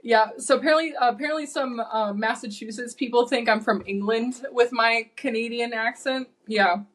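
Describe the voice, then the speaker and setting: A woman's voice: fairly high pitch, moderate pace. Podcast host, woman, Michigan accent, loose and laughing. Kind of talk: casual interview chat.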